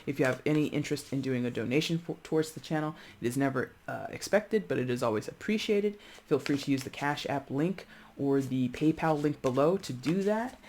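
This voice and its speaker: Gravelly-voiced chatty tarot reader. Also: mid-range voice, brisk, darkish tone, slight background noise. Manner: chatty, rambling, searches for words aloud; addresses viewers directly, frequent "okay?". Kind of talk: casual tarot reading to camera.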